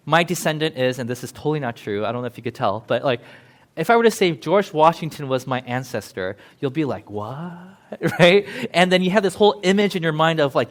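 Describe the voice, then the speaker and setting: A man preaching in a church with an easy, conversational style. His voice sits a little high, and he talks loosely and jokes with the congregation as he explains the text. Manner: chatty, joking, with quick laughs. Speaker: pastor. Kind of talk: casual sermon.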